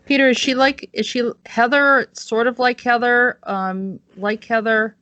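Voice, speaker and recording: A woman's voice: fairly high pitch, fairly even intonation, a little slow, a bit bright, no room sound. A woman hosting an online talk show, rambling with plenty of fillers. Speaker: host. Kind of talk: casual online chat. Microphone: video call. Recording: dull, dry video-call audio.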